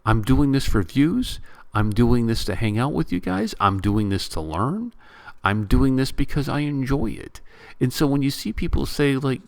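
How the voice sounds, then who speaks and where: A man vlogging at home, ranting to his viewers in a casual, animated way and repeating himself for emphasis. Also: medium pitch, normal speed, vocal fry. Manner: animated, repetitive, addresses viewers directly. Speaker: YouTube vlogger. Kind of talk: casual on-camera rant. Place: home room near a bedroom.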